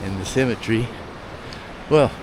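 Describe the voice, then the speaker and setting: A man's voice: medium pitch, normal speed. An Australian man narrating a casual travel vlog outdoors on a coastal walk, chatty and wry with friendly asides. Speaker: travel vlogger. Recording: noisy outdoor street recording. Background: traffic and outdoor ambience.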